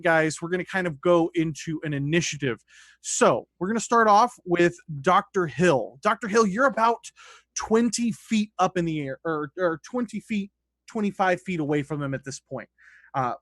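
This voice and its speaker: A man's voice: high-pitched, expressive, normal speed, a bit bright, no room sound. Casual male dungeon master, dry close mic. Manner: loose, conversational rulings with restarts. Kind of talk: narrating a tabletop game.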